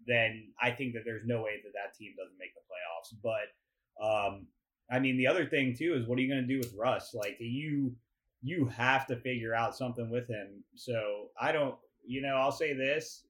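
Young guy ranting about basketball, cussing a lot, mid pitch that shoots up when he gets riled. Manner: profane, ranting, laughs and rises in pitch when worked up. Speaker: podcast co-host. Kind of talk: casual sports chat.

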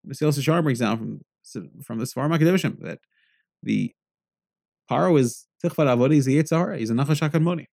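A man with a gravelly, fry-laden voice gives a lively Torah lecture. His pitch sits in a middle range but leaps high when he hammers home a point. He weaves Hebrew phrases into plain English explanation. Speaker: Torah teacher.

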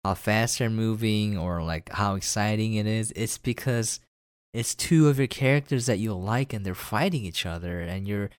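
Low-voiced joking man, dry recording. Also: normal speed, clean tone, no room sound. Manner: enthusiastic, laughs often, jokey. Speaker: podcast co-host. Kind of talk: casual chat.

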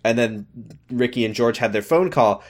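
Man, podcast co-host, casual episode recap, animated, swears a lot, mid pitch. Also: normal speed. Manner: animated, swears freely, reads out quoted lines.

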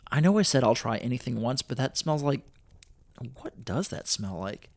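A man's voice: medium pitch, very animated, moderate pace. A man reading a bold young woman on a date. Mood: disgusted. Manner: bold, breezy.

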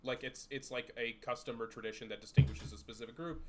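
Male co-host, mid-pitched, loose and jokey, hesitant fillers. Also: fairly even intonation, fast talker, darkish tone, faint music behind. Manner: laughing, full of fillers, crude jokes. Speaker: podcast co-host. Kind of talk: casual podcast chat.

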